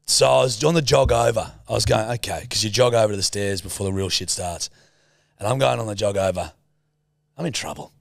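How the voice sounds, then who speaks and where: A man's voice: lowish voice, brisk, gravelly, no echo, studio quality. A young Australian man co-hosting a podcast, joking, teasing and swearing in casual chat. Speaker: podcast co-host.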